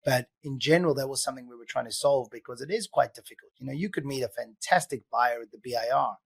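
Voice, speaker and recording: A man's voice: medium pitch, quick pace, creaky, husky, no echo. A man hosting a podcast, chatting casually and asking probing questions with frequent fillers. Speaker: podcast host. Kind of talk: casual interview chat.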